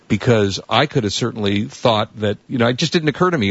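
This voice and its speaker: A man's voice: fairly low pitch, expressive, fast talker, vocal fry, few pauses, slightly rough, dry recording. A man hosting a tech news show, telling a rambling story and acting out the people he quotes. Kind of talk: casual chat, long anecdote. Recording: dull lo-fi dry sound.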